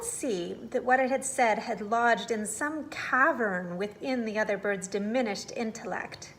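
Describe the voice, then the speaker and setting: Expressive woman reading a bedtime story. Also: fairly high pitch, measured pace, few pauses.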